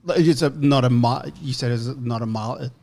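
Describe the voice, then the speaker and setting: A man from Fiji chats on a casual podcast. He speaks thoughtfully and often restarts his sentences as he works out what he means. His voice sits at an ordinary pitch for a man. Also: normal speed, creaky, a little mellow.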